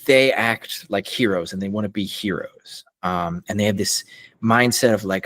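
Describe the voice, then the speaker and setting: A man's voice: lowish voice, normal speed. A young man, a voice actor, chatting as a guest in a casual podcast interview, upbeat and laughing often. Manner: upbeat, laughs often, lively when retelling.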